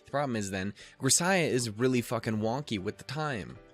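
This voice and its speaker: A young man with a medium-pitched, expressive voice talks at normal speed over faint background music. Hosting a casual let's play, he rambles, swears, cracks self-mocking jokes, does goofy put-on quotes, and stumbles over the game text he reads aloud.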